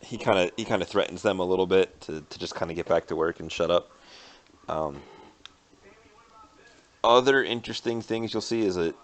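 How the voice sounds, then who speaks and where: Deep-voiced man as tabletop game master, laid-back narration with fillers. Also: normal speed, pauses often. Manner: relaxed, rambling explanations with fillers.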